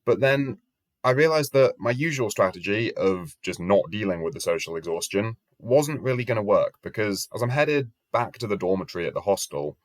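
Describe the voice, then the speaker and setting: A man's voice: lowish voice, animated, moderate pace, no echo. A young man in his twenties telling a travel story in a wry, self-deprecating way, swearing casually. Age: 20s. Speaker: travel vlogger. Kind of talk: storytelling vlog narration. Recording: music playing under voice.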